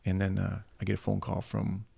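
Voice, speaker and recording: A middle-aged football coach from Michigan talks in a low, rough, gravelly voice with a husky edge. He tells his stories casually and with animation, slipping into the voices of the people he quotes. The sound is close and dry, with no room around it. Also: monotone, brisk, mellow, no echo. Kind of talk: casual storytelling.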